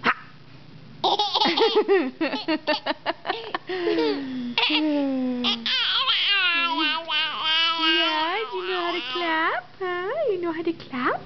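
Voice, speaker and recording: A woman's voice: extremely high pitch, fairly even intonation, normal speed. A mother coaxing her baby in sing-song baby talk at home, laughing often. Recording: dull lo-fi home video with noise.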